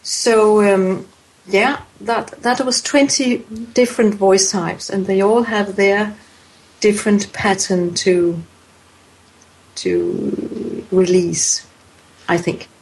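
A woman speaks slowly in an interview, weighing each phrase. She pauses often and restarts her sentences. Her tone stays thoughtful as she explains. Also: medium pitch, steady tone, low-quality recording. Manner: hesitant, many fillers and restarts. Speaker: voice expert guest. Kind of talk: interview answers.

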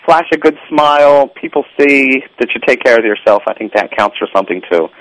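Lively, easygoing male interview guest. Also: mid-range voice, fairly quick, low-quality recording. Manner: easygoing, agreeable, playful. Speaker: guest, TV show creator. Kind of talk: casual interview chat.

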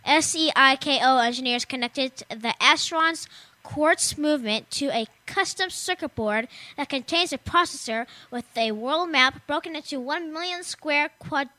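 A woman's voice: sits high, measured pace, sharp tone, no echo. A young woman co-hosting a casual tech show, rambling and joking and laughing often as she reads out gadget news. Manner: giggly, rambling, jokey, reads then riffs. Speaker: show co-host.

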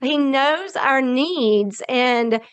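A woman's voice: high-pitched, lively intonation, clean tone, no room sound. A woman hosting a faith interview, speaking in an emotional, reflective way. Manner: emotional, reflective, slow and deliberate. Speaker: podcast host.

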